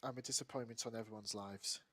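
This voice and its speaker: A man's voice: lowish voice, fairly even intonation, fast talker, pushed and bright. A man hosting a casual podcast, teasing his guest and telling corny jokes. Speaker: podcast host.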